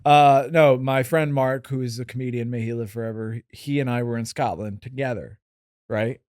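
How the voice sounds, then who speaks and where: A comedian with a neutral American accent, chatting and telling rambling stories on a podcast, gregarious and full of fillers. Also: male voice, mid-range voice, fairly even intonation, normal speed, a little mellow, clear, resonant tone. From United States. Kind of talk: casual storytelling chat.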